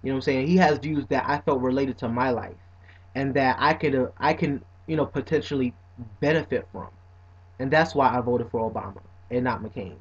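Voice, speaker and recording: A man's voice: medium pitch, a little fast, breathy edge. A young man talking casually to camera as a vlogger, playful at times and earnest at others, often saying "you know what I'm saying". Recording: dull lo-fi recording.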